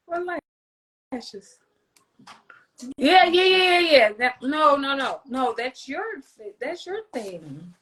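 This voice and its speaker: A woman's voice: high voice, very animated, slow pace, pauses often, a bit bright, low-quality recording. A woman hosting a casual livestream, chatting in a loose, rambling way with plenty of swearing and jokes. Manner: loose, rambling, profane and joking. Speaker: livestream host.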